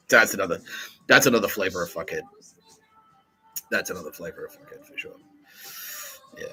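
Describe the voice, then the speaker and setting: A low-pitched man hosts a foul-mouthed comedy podcast, his delivery bright and forceful. He laughs often and slips into mocking impressions with swooping pitch. Faint music plays underneath. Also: lively intonation, moderate pace, long pauses, slightly rough, poor audio. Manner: swears a lot, mimics people in quoted asides, laughs often. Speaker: podcast host. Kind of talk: crude comedic podcast banter.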